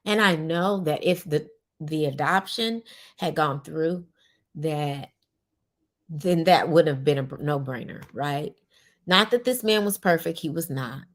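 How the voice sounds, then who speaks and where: A middle-aged woman hosting a podcast, speaking slowly and reflectively with many pauses, and at times tearful. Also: low voice. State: tearful at moments. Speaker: podcast host. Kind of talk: personal monologue.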